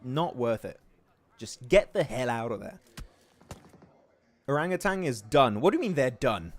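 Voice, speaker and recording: A man's voice: mid-range voice, moderate pace. A young man from England casually commentating a mobile esports match on a livestream, reacting to plays and reading chat aloud. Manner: excitable, reads chat aloud. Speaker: esports caster.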